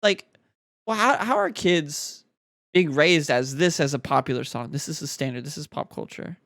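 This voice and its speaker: A man's voice: on the high side, animated, moderate pace, vocal fry, fairly bright tone, no room sound, clean studio sound. A young man co-hosting a podcast, talking casually in a rambling, earnest way full of fillers. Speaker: podcast co-host.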